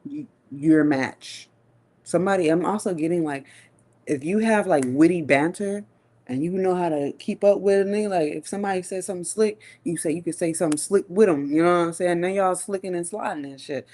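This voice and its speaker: A woman giving a live tarot reading, musing slowly with long hums and pauses, and talking in a casual, profane way. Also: fairly low pitch, mellow. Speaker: tarot reader.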